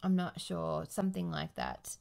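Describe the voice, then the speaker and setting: A woman with a slightly low, gravelly voice hosts a casual podcast. She reads listener ghost stories in an earnest, easily moved way. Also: wildly swooping pitch, normal speed, a crowd in the background. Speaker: podcast host.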